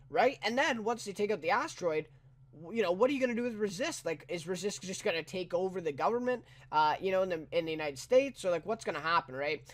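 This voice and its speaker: Casual male reviewer with a raised, higher voice, talking through an episode in a loose, rambling way. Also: a bit bright. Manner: rambling, full of "you know" and "right?"; incredulous asides.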